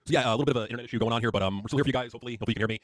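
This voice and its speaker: A man's voice: medium pitch, rapid-fire, no room sound, studio quality. A man co-hosting a casual wrestling news stream, rambling with lots of fillers and casual swearing. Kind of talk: casual chat and news talk.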